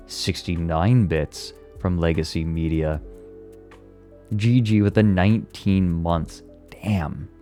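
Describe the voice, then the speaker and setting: A deep-voiced man chatting loosely on a live stream, with faint music behind him. He rambles, swears freely, leans on "like" constantly and laughs between thoughts. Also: fairly even intonation, slow pace, warm tone. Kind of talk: casual chat on a live stream.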